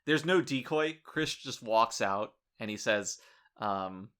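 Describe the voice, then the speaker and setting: A man chats on a casual podcast, his bright voice full of lively pitch swings. He tells stories animatedly and jokes in a crude, irreverent way. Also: slow, clear, resonant tone. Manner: animated storyteller, acting out quoted people. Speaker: podcast host.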